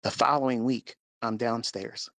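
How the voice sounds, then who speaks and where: A man's voice: medium pitch, steady tone, normal speed, gravelly, a bit bright, no room sound. A man hosting a live audio podcast, telling an emotional personal story and acting out the dialogue with big jumps in his voice. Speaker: podcast host.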